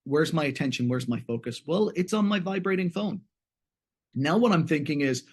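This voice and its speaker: A man's voice: a little high, normal speed. A middle-aged man presenting a webinar and teaching, talking conversationally and acting out bits of dialogue in other voices. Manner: animated, acts out dialogue in different voices. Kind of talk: conversational training talk with acted examples.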